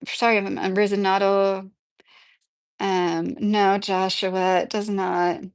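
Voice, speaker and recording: A woman's voice: medium pitch, flat delivery, takes it slowly, clear, resonant tone. Woman, livestream host, rambling chatty delivery, answers viewers by name. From Kentucky. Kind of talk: casual live-chat talk.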